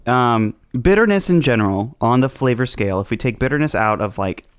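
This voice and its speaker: A man's voice: mid-range voice, animated, a little fast, smooth. Man, podcast host, casual chat, rambling explanations, many restarts.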